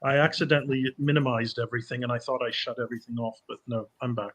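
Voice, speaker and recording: A man's voice: mid-range voice, steady tone, fast, fairly bright tone. A man on a casual quiz panel, playful and self-mocking.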